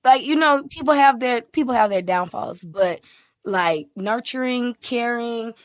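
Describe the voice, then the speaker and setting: A young woman with a Southern US accent, telling family stories in an animated, laughing way. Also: fairly high pitch, measured pace. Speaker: interviewee, victim's aunt. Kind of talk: casual storytelling.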